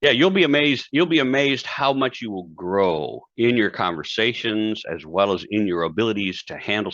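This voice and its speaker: Low-voiced man telling animated stories. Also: no room sound. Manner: animated storyteller acting out quoted dialogue. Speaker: guest speaker and author. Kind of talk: conversational interview talk. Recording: dull, dry lo-fi sound.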